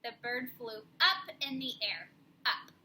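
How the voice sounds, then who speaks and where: Slow, bright-voiced woman teacher. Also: on the high side, expressive, low-quality recording. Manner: slow, clear and encouraging, spelling out letters. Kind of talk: spelling lesson for young children. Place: classroom.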